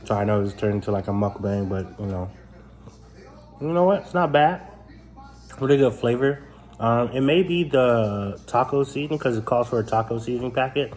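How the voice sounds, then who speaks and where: A man's voice: mid-range voice, normal speed, darkish tone. A man chatting casually to camera in a home vlog, filmed in his kitchen, with many ums and restarts. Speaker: vlogger.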